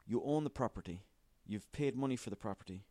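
Sweary, rambling podcast host. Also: male voice, medium pitch, fast talker, dark tone, dry recording. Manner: sweary, rambling and self-mocking. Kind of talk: solo comedic podcast rant.

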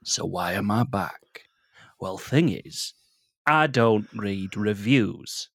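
A man's voice: lowish voice, animated, slow pace, vocal fry, a bit bright, no room sound, voice pushed down, heavily acted. A man voicing a tall male monster with a put-on Australian accent, swaggering and crude. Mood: cocky. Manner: swaggering, crude, breaks into laughter. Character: the Babadook, tall male monster obsessed with worms. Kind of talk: comedy podcast character bit.

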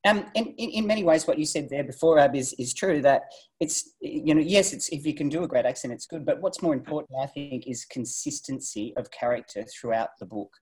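A man's voice: fairly high pitch, fairly quick, hardly any pauses, darkish tone, husky. A man on a discussion panel, making his point emphatically and restarting his sentences.

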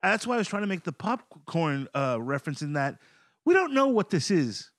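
A man guesting on a comedy podcast, riffing in a profane, animated way. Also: on the high side, normal speed, no echo, clean studio sound. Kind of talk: casual comedy podcast banter.

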